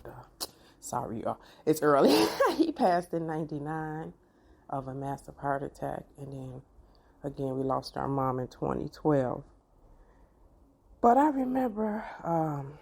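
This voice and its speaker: A middle-aged woman, telling a personal story to her viewers in an animated, expressive way. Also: low voice, creaky. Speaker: vlogger.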